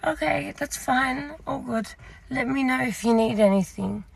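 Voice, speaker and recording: A woman voicing a caring, concerned young female supermarket worker who speaks gently and hesitantly. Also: a little high, normal speed, vocal fry, poor audio.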